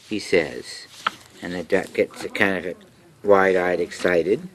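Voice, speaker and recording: A woman at home reading a picture book aloud to young children, gently coaxing them with questions. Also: very deep voice, steady tone, takes it slowly.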